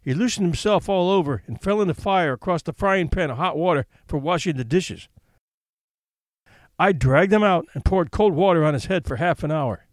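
Expressive male storyteller, dry sound. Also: on the high side, normal speed, dry recording. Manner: expressive, wry first-person telling. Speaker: audiobook narrator. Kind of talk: storybook narration.

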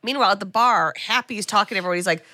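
This woman co-hosting a podcast speaks at a racing pace in a mid-range, pushed, bright voice, recorded at studio quality without echo. Her casual film recap includes acted-out character dialogue and sarcastic remarks.

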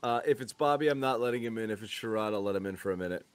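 A man hosting a sports podcast, talking in relaxed, rambling casual chat with trailing fillers. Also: fairly low pitch, rapid-fire, a little hiss or hum. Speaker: podcast host.

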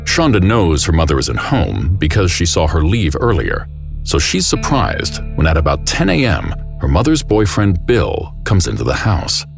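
Deep gravelly male narrator over music. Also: huge pitch swings. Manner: grave, measured storytelling. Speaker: host and narrator. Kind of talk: scripted documentary narration. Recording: music bed underneath.

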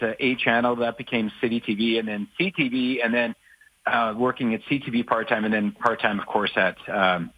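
A man's voice: mid-range voice, bright, forceful tone, no room sound, poor audio. A man from Saskatchewan co-hosting a sports radio show, telling rambling anecdotes full of fillers and restarts. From Saskatchewan, Canada. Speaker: sportscaster co-host. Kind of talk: casual radio chat, storytelling.

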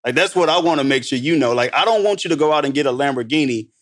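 Animated, emphatic male storyteller. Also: on the high side, quick pace. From Missouri. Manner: animated, emphatic storyteller who acts out dialogue. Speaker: guest entrepreneur. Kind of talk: casual podcast storytelling.

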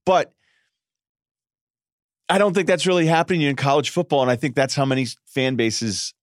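A man hosting a sports podcast, riffing in an animated, sarcastic solo monologue and mimicking people in quick voices. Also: fairly high pitch, no room sound, clean studio sound. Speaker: podcast host.

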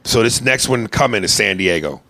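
A man co-hosting a comedy podcast, talking loud, profane and bossy in casual banter. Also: lowish voice, lively intonation, moderate pace, dry recording. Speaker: podcast co-host.

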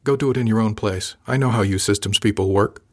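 A man reading the part of a blunt, sardonic woman officer, speaking flatly and a little higher than his own voice. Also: fast, lightly acted.

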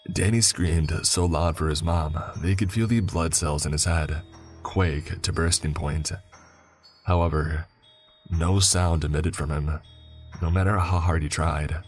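A man reading a first-person horror story in a measured, scripted narration. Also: very deep voice, steady tone, faint music behind.

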